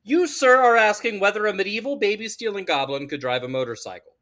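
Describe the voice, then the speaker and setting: Dude hamming it up as a movie-trial defense lawyer, bright, bouncy pitch. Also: male voice, animated, fast talker. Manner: mock-lawyerly, playful, grandiose. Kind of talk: casual podcast debate.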